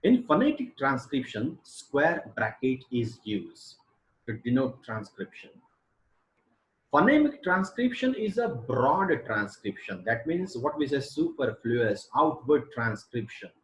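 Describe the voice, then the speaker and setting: A male English teacher gives a webinar lecture on pronunciation, drawing out example words to show where the stress and intonation fall. His voice is mid-pitched and rises and falls a great deal. The room around him adds a noticeable echo. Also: very animated, a little slow. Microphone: computer mic for an online webinar. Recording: roomy echo.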